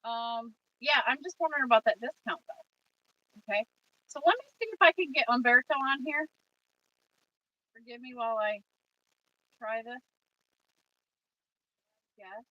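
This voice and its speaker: A woman's voice: fairly high pitch, normal speed, long pauses, no room sound, far from the mic, lo-fi sound. A woman hosting a casual trucking livestream, reading viewer comments aloud and chatting back to them.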